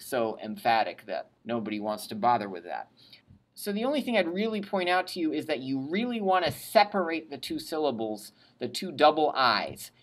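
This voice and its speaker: A woman teaching Latin grammar in a recorded lesson, drilling verb endings aloud and adding chatty, plain asides. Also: extremely low pitch. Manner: drills conjugations aloud, pausing for students to repeat.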